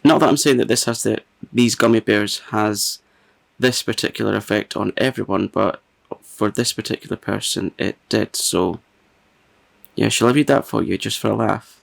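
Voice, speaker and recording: A man's voice: lowish voice, moderate pace, creaky. A man hosting his own channel, chatting casually and reading a funny review aloud, often breaking into giggles. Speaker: ASMR channel host.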